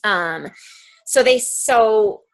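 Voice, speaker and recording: A young adult woman leading a team call as a coach, talking casually with lots of "like" and "um" and quick tangents. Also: medium pitch. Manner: chatty, peppered with "like" and "um", fast tangents. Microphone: phone or computer call mic.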